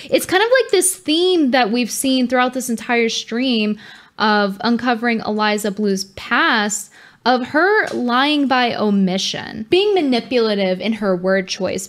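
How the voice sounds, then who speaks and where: A high-pitched young woman talks through a livestream in a sarcastic, mocking tone. She breaks into snide impressions and keeps up a running, dismissive commentary. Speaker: streamer commentator.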